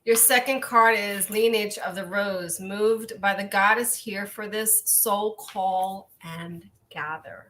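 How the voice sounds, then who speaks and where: A woman coach giving a gentle, earnest oracle card reading on a live stream, rambling a little with restarts. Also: medium pitch, slow pace, hardly any pauses, slight background noise.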